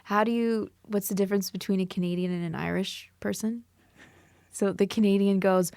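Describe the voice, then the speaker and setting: A woman's voice: medium pitch, fairly even intonation, normal speed, creaky, darkish tone, no echo. Woman co-host in easy, dry-sounding chat. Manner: brief agreeing replies, tells a joke. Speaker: podcast co-host. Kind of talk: casual chat.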